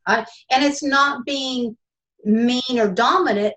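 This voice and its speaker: A woman's voice: on the high side, a little slow, a bit bright, poor audio. A woman guest who trains horses, talking casually and a bit ramblingly with some restarts. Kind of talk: casual chat.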